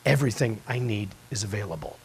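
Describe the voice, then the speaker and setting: A man preaching a sermon as pastor, telling a story that swings from hushed to loud. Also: fairly low pitch, expressive, fast, gravelly, a little hiss or hum, low-quality recording.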